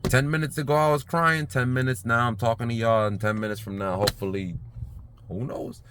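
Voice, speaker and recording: A man's voice: mid-range voice, brisk, a little hiss or hum. Rambling man vlogging outdoors. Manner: relaxed, rambling, many fillers. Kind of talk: casual vlog to camera. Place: outdoor park by the water.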